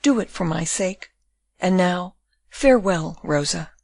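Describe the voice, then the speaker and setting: A woman voicing a condemned young Dutch man who speaks calmly, tenderly and gravely. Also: fairly low pitch, measured pace, no echo.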